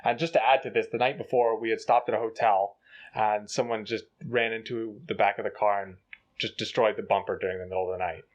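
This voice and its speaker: Lively storytelling man, dull sound. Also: on the low side. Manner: animated, acts out rapid panicked quotes. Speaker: co-host telling a story. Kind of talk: casual storytelling chat.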